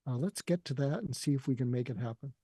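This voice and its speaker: An older man telling a deeply personal story in an earnest, emotional way, often quoting what others said to him. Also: quick pace, mellow, slightly rough, no room sound, clean studio sound. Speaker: guest.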